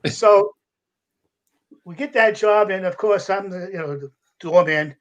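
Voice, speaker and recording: An older man, a retired fire captain telling gruff, animated stories as a podcast guest. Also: high-pitched, measured pace. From United States. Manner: animated storyteller with a gruff, salty edge, acting out voices and laughing. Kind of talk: casual storytelling.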